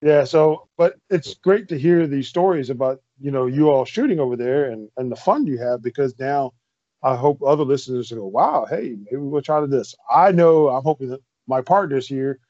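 A man's voice: medium pitch, moderate pace, dark tone, no room sound, lo-fi sound. A man co-hosting a podcast, chatting casually and enthusiastically over a video call, laughing often. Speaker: podcast co-host.

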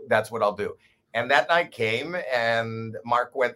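A man in his sixties, a guest comedian telling a story in casual chat, animated, swearing and poking fun at himself. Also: medium pitch, a little slow. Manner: animated, profane, self-deprecating.

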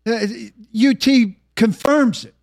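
A man's voice: extremely high pitch, slow pace, darkish tone. A man on a sports talk show, chiming in with wry asides.

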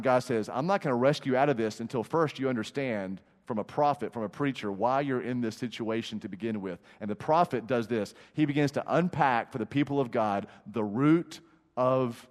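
A man, a pastor preaching a sermon in an emphatic, repetitive style with dramatic pauses. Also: medium pitch. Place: large church sanctuary. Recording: long hall reverb.

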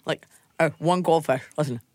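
A woman's voice: deep voice, normal speed, a little mellow, no room sound. A woman comedian hosting a podcast, chatting and joking while snacking at the microphone. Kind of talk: casual podcast chat. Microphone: studio microphone.

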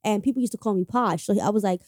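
A woman's voice: mid-range voice, fast, a little mellow, no echo, studio quality. A young woman telling a story in a casual podcast conversation, acting out quoted dialogue and swearing freely. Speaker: guest telling how she met her partner.

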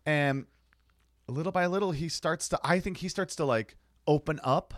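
He co-hosts a podcast, narrating a story in easygoing talk and acting out every line of dialogue with energy. His voice is on the high side and moderately paced, in a dry, clean studio recording.

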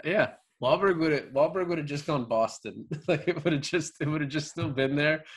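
A man's voice: a little high, fairly quick, husky. A man talking casually about a movie he watched, rambling with lots of fillers and restarts. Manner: rambling, many fillers and restarts, laughs often. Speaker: podcast co-host. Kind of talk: casual movie review chat.

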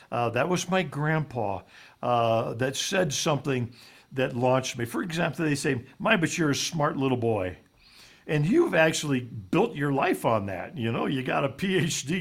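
A guest on a talk show, a man with a slightly high, creaky voice, tells a heartfelt story. He's earnest and folksy and says "uh" a lot.

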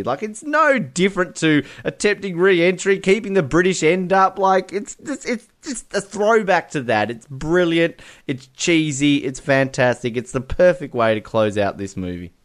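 A man's voice: on the high side, fairly bright tone, smooth. A man talks through a film scene by scene in casual podcast chat. He laughs a lot and acts out the characters' lines.

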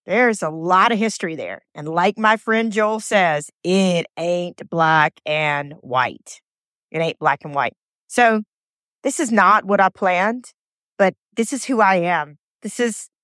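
A woman's voice: medium pitch, fairly bright tone, dry recording, studio quality. A woman hosting her podcast alone, speaking, earnest and emotional, often stumbling and repeating words. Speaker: podcast host. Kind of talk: heartfelt solo podcast monologue.

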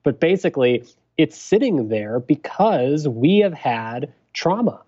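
A man, a physician and podcast guest, explaining a breathing technique in a measured, thoughtful way. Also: fairly high pitch, very animated, warm tone, highs cut off. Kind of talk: explanatory interview talk.

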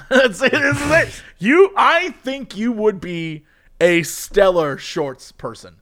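Man, high voice, very lively pitch, animated storyteller, casual podcast chat. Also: takes it slowly. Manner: animated storyteller, laughs often. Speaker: podcast co-host.

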